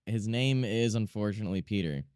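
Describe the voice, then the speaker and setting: A man's voice: lowish voice, brisk, darkish tone, clean tone, dry recording, studio quality. A young man streaming from home, chatting casually and self-mockingly to himself and his chat while he draws.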